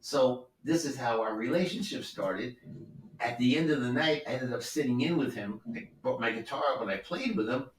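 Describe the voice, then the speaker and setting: Lively intonation marks the mid-range voice of a record producer and guest musician in his seventies, speaking at normal speed. He tells relaxed, rambling anecdotes with many asides, recorded in a roomy space far from the mic.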